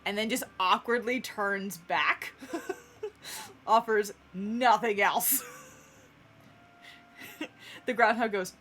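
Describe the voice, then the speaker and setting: A woman narrating as game master of a tabletop game, unhurried and often laughing. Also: medium pitch, fairly bright tone.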